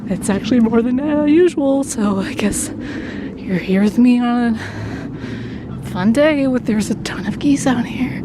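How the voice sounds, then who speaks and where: Chatty young woman, fairly high voice. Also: unhurried, long pauses, background noise. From Colorado. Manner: chatty, laughs often, drops to hushed asides. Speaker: vlogger. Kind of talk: casual vlog chat. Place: outdoors on a walk, later at a hospital.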